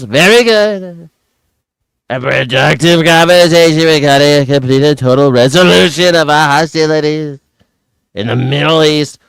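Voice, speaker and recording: A man voicing a pompous, boastful older male president who rambles slowly and loudly in a mocking impression. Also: on the high side, gravelly, clear, resonant tone, dry recording, poor audio. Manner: slow, loud, self-congratulating speech.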